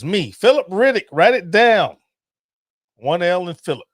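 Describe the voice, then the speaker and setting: A man's voice: high-pitched, a little slow, no room sound, clean studio sound. Joking, profane man in his fifties. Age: 50s. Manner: animated, joking, profane, laughs often. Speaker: podcast host. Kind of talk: casual livestream podcast chat.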